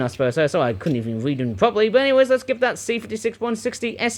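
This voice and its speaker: A man's voice: high voice, rapid-fire, few pauses. A man, chatting enthusiastically and a little rambly while reviewing and running a toy train. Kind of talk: casual unboxing commentary.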